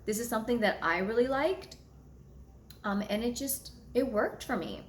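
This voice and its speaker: A woman's voice: fairly high pitch, expressive, moderate pace, echoey room, a little hiss or hum. A young adult woman astrologer telling a personal story to her viewers in a candid, blunt way, swearing freely. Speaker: astrologer and channel host.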